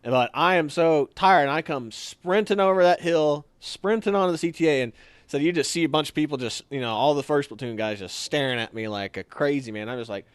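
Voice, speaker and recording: A young man casually telling a story, animated and acting out what others said. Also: a little fast, smooth, dry recording. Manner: animated, acts out quotes with sudden higher shouts. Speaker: storyteller guest.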